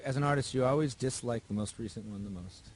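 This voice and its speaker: A man's voice: medium pitch, fast, darkish tone. A male musician talking casually in an interview, loose and rambling with plenty of fillers. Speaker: musician guest.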